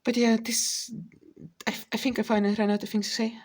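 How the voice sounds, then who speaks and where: High-voiced woman on a manic rant. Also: little pitch movement, a little mellow, slightly rough. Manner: manic, fast-talking rant; swears heavily. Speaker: vlogger. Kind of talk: rambling monologue.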